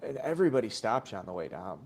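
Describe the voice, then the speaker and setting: A man's voice: fairly low pitch, big pitch swings, fast talker, darkish tone, a little hiss or hum. A man co-hosting a casual sports stream, telling a long rambling story full of swearing and acted-out quotes. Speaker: podcast co-host watching a game.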